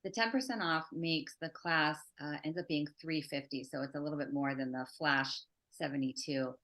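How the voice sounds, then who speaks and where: A woman guest, a psychotherapist and art teacher, speaking in a reflective, soft-spoken way. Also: sits low, fairly even intonation, normal speed. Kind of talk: interview conversation.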